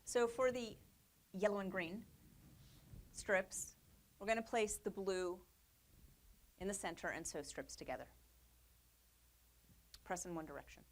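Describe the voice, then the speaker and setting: A quilting instructor gives a chatty, upbeat studio demonstration, a casual lesson full of fillers and little laughs. Her medium-pitched voice moves at a measured pace with long pauses.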